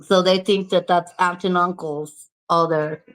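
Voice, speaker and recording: A woman's voice: lowish voice, steady tone, unhurried, poor audio. A woman vlogger from New Mexico chatting casually to the camera, candid, swearing freely and laughing often.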